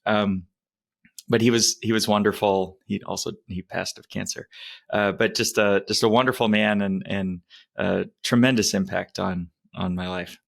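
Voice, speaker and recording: A man's voice: on the low side, fairly even intonation, normal speed, creaky. A man co-hosting a podcast interview, telling a long story in a rambling way and often correcting himself. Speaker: podcast co-host. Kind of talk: casual interview chat.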